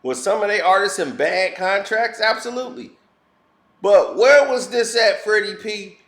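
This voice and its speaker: A man's voice: high-pitched, moderate pace, fairly bright tone. A man giving a blunt, heated and preachy opinion rant as a commentary vlogger. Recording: roomy echo.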